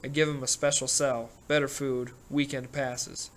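A man's voice: medium pitch, flat delivery, normal speed, lightly acted. A man voicing a wry, teasing male banker who needles others with dry sarcasm.

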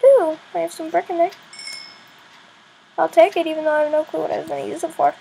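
A high-voiced female gaming YouTuber talks her way through a game, chatty and easily excited. Her voice carries a gravelly fry, and faint noise sits behind the recording. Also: fast, low-quality recording. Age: young girl per page; adult voice unsure. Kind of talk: game commentary.

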